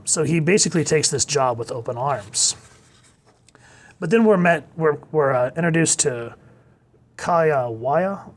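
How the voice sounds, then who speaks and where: A man with a slightly high voice talks through a comic in a casual video review. He gets worked up as he goes, throwing in gasps and exclamations while he retells scenes. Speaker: manga reviewer.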